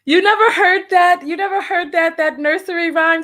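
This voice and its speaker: Speaking at normal speed with an extremely high, fairly bright voice and fairly even intonation, a livestream host reads out donations on her casual stream. Laughter comes often, along with cries of "oh my Lord" and "have mercy."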